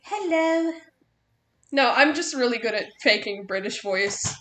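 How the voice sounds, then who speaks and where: A woman streamer chats casually while drawing, her medium-pitched voice sharp in tone and reverberant, at a normal speed. She's giggly and blunt and swears freely.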